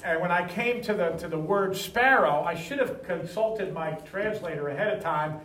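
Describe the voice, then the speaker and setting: Heard from a distance in an echoey hall, a pastor reads scripture and leads his congregation in call-and-response. His voice sits high and is fairly bright, and he speaks at a normal pace.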